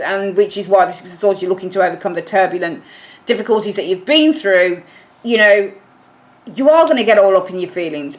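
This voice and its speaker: Woman, tarot reader, chatty and self-correcting, mid-range voice. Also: mid-range voice. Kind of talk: tarot reading to camera.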